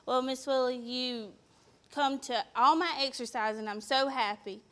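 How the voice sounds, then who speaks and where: Cheery activity director lady, really high voice. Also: unhurried, pushed and bright, smooth. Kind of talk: casual spoken tribute.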